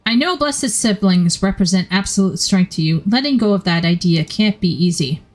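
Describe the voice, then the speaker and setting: A woman's voice: mid-range voice, animated, moderate pace, faint music behind, natural voice. A woman reading out a game's determined young warrior princess in an earnest, rallying tone. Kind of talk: reading game dialogue aloud.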